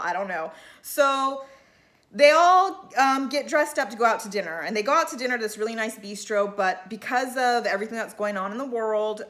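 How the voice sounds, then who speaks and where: A woman's voice: mid-range voice, fairly bright tone. A woman giving a casual, opinionated recap of a reality show in a chatty way, full of fillers.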